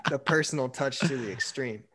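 A young man in casual chat, telling animated stories and saying "like" often. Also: mid-range voice, fairly quick. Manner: animated storyteller, acts out quotes, says "like" a lot. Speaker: university staff member.

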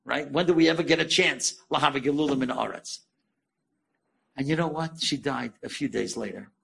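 A man telling an inspirational story as a sermon, animated and asking the listeners questions. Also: medium pitch, fairly quick, gravelly, slightly rough.

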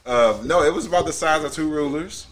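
A man's voice: fairly high pitch, brisk, fairly bright tone. A man telling a funny family story in casual chat, laughing often.

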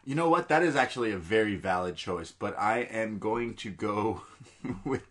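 A man's voice: lowish voice, expressive, moderate pace, fairly bright tone, breathy edge. A man co-hosting a podcast in casual chat. He talks bluntly, swears freely and laughs often. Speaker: podcast co-host.

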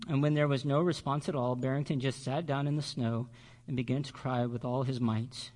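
A male pastor reading a children's story aloud during a sermon, expressive and measured. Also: medium pitch.

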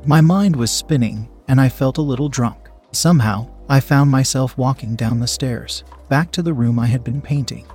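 A man's voice: mid-range voice, normal speed, hardly any pauses, a little mellow, slightly rough, soft background music. A man narrating a first-person story in a tense, confessional way.

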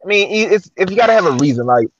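A man who is a guest on a podcast, telling stories in casual chat with animated energy. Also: sits high, racing, dry recording, lo-fi sound. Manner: storytelling, animated. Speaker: guest actor.

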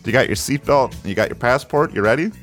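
Playful lively-voiced man hosting a podcast. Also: mid-range voice, fast talker, soft background music. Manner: playful, mock-dramatic, breaks into laughter. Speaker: podcast host. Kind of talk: casual comedic podcast chat.

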